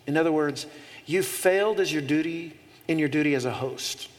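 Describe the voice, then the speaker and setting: Animated male preacher in a reverberant hall. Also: fairly high pitch, normal speed. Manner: animated storytelling with humorous asides. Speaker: pastor. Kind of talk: sermon.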